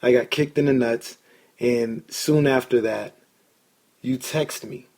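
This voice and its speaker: A man hosting a casual sports podcast, an excitable storyteller who swears when he gets worked up. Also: medium pitch, slow, gravelly. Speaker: podcast host.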